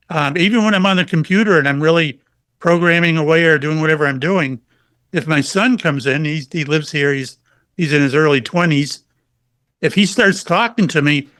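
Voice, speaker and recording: A man's voice: fairly high pitch, no echo. A middle-aged man, a psychic medium guest, telling stories in a casual interview and acting out the quotes. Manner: animated storyteller, acts out quotes.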